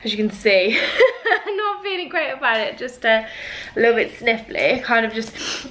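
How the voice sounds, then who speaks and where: A young woman talking casually to camera in a vlog, chatty and expressive, often exasperated. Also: on the high side, slight background noise. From United Kingdom. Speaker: lifestyle vlogger.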